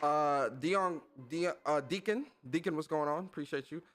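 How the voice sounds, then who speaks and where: A man's voice: on the high side, moderate pace, a crowd in the background, background noise. A man hosting a casual livestream podcast, talking with energy and plenty of slang as he greets his chat. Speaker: podcast host.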